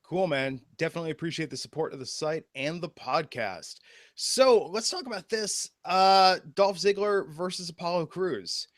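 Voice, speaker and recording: A man's voice: on the high side, moderate pace, no echo. Dry-sounding podcast host, man. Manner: leads the talk and hands the floor to co-hosts. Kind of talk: casual wrestling podcast chat.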